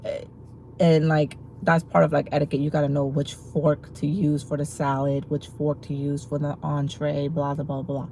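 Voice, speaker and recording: Low, gravelly-voiced woman chatting casually. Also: completely flat delivery, moderate pace, dark tone, slight background noise, low-quality recording. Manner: rambling, filler-heavy talk with many restarts. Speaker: livestream host. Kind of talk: casual livestream chat to viewers.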